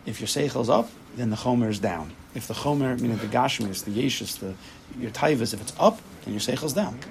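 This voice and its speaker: A rabbi giving a Torah class with a gravelly, creaky voice, pressing his points home with emphasis. He keeps slipping into little quoted inner voices to make his case. A faint hiss sits under the recording. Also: medium pitch, animated, quick pace, poor audio.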